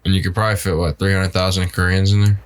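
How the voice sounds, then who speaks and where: A young man co-hosting a podcast in casual chat, blunt and profane with deadpan humor. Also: low voice, quick pace, heavy background noise. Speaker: podcast co-host.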